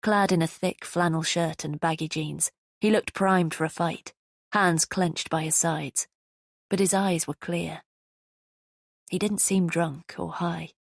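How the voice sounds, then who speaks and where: A woman narrating a thriller audiobook in the first person, measured and tense. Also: lowish voice, fairly even intonation, vocal fry, no room sound, clean studio sound.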